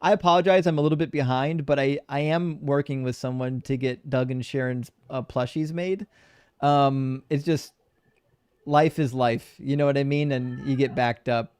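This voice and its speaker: A man's voice: mid-range voice, fairly even intonation, normal speed, darkish tone, clean tone, no echo, clean studio sound. Chatty man hosting a live stream. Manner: chatty, addresses viewers as friends. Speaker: live-stream debate host. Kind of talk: casual live-stream chat reading super chats.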